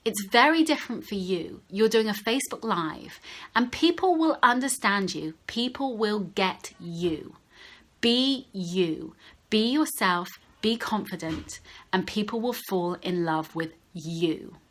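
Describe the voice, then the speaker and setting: A woman's voice: medium pitch, expressive, measured pace, a bit bright. A woman voice coach giving a motivational talk straight to her viewers, speaking in an encouraging, direct way. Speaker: confidence and voice coach.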